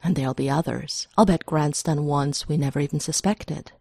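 A woman's voice: sits low, normal speed, vocal fry, dark tone, no echo, studio quality. Woman doing a clipped, impatient detective. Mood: brisk.

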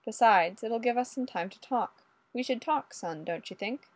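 A woman's voice: fairly high pitch, expressive. A woman reading as a polite old Mountie. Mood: genial. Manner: polite, unhurried, old-fashioned. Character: courtly old male Mountie, mild and odd.

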